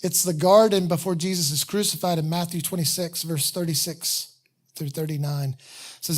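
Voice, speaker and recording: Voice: mid-range voice, steady tone, normal speed. Conversational pastor preaching a sermon. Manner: conversational, candid, self-deprecating asides.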